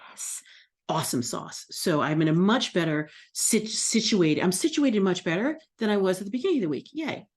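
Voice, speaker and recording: Woman, middle-aged, slightly low pitch, casual coaching talk, chatty self-talk. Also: expressive, normal speed, a little mellow, husky. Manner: chatty, self-talk, quotes her own inner voice. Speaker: astrology coach.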